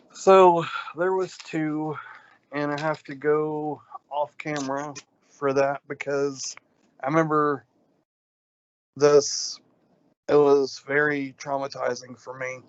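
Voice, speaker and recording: On a casual podcast, a male co-host with a medium-pitched voice goes off on animated, rambling story rants, saying "um" constantly. The sound is dull and lo-fi.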